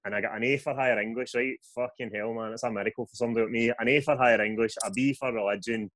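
A young Scottish man, a guest author, telling his story in a sweary, animated podcast chat. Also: mid-range voice, very fast. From Scotland.

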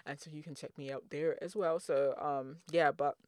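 Bubbly, high-energy podcast host man. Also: normal speed, dry recording, clean studio sound. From Nigeria. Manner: bubbly, energetic, playful, extroverted; slangy, calls listeners "boo boo". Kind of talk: solo motivational podcast chat.

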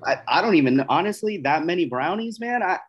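A man's voice: sits high, expressive, a little fast, muffled recording. Man, casual storyteller, stumbles and repeats himself, self-mocking laughs. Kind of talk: casual podcast chat.

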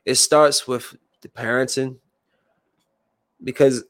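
A man's voice: medium pitch, slow pace, no room sound, studio quality. A man commenting casually on news headlines, reading them aloud and then rambling and venting about them in a loose, conversational way. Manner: rambling, loose, stops to react and vent; reads headlines aloud in a flatter tone. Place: room with a window.

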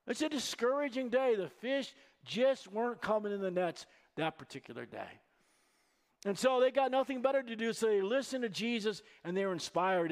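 High-voiced pastor, chatty sermon. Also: male voice. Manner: conversational, anecdotal storytelling.

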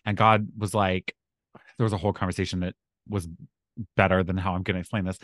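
A man's voice: low-pitched, little pitch movement, fast, a bit bright, dry recording, clean studio sound. A man, an astrologer guest, telling a story in casual podcast chat, rambling and full of fillers.

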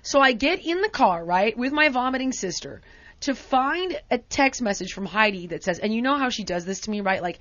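A woman with a slightly high voice tells a chaotic story, dramatic and animated, voicing the people in it as she goes. The sound is dry and a little dull, close to the mic. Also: brisk, no echo. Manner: animated, dramatic retelling with acted-out quotes. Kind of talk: casual storytelling chat.

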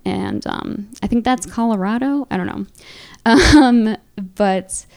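A woman's voice: medium pitch, slow, vocal fry, dark tone. A woman from the American Midwest hosting a casual solo podcast, rambling with many ums and trailing restarts, chatty and self-amused. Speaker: podcast host.

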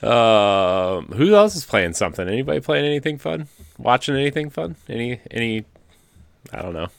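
A man's voice: mid-range voice, sing-song, normal speed, gravelly, clean tone, no room sound. A man hosting a casual chat, a parent of a toddler, who makes dry, wry asides. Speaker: podcast host.

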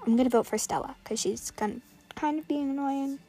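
A female gaming creator giving excited live commentary, rattling off items quickly and sometimes dropping to a whisper. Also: high-pitched. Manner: excitable, calls out items rapidly, drops to whispers.

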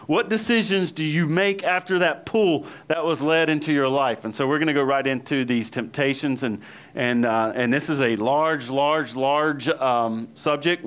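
A man's voice: on the high side, fairly bright tone. A man preaching a casual sermon, telling everyday stories and acting out what people said, with frequent laughs. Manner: storytelling, chatty, laughs often, acts out quotes. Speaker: pastor. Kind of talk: conversational sermon.

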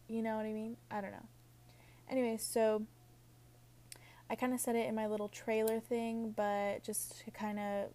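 A woman's voice: a little high, a little mellow. A young woman hosting a casual podcast, rambling with a Valley-girl sound, saying "like" and "literally" all the time and laughing at her own jokes. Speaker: podcast host.

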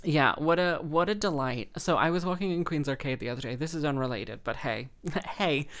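A woman's voice: low-pitched, fairly quick. A young woman hosting a podcast, chatting casually in a rambling, self-interrupting way and laughing often. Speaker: podcast host and freelance musician.

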